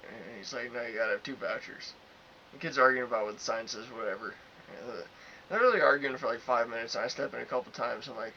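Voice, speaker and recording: A man's voice: mid-range voice, fairly even intonation, fast talker, pushed and bright. A young man casually telling a crude, ranting story as a podcast co-host. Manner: crude, ranting, acts out both sides of arguments. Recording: slightly dull, faint hiss.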